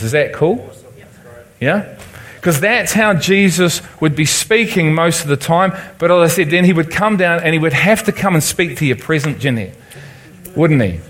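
A man's voice: a little high, fairly bright tone. A man with a Liverpool accent preaching a teaching sermon and often checking in with his listeners. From Liverpool, England. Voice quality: conversational, asks the room for agreement.

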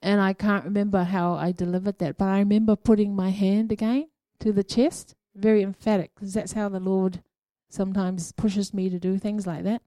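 A woman gives an informal church teaching, talking through her experiences in a loose, halting way full of ums and tag questions. Her voice is mellow and warm, and the recording is dry and close. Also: medium pitch, steady tone, dry recording. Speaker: church speaker sharing prophetic experiences.

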